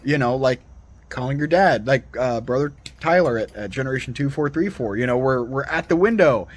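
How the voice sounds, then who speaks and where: A man's voice: medium pitch, animated, a little fast. A man giving a rambling, earnest solo monologue as a Christian video commentator, full of digressions and restarts.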